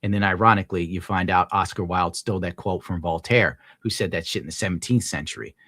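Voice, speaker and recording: A young man streams to viewers in a deep voice, talking quickly with a sharp tone as he rants casually and reads out donations. He's profane, rambling, and laid-back, and there's no room sound.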